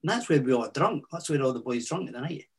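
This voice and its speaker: Here a sixty-something Scotsman from Fife shares tales of boxing in the army during a relaxed interview. His medium-pitched voice is expressive and slightly rough, full of halting restarts and broad Scots vocabulary.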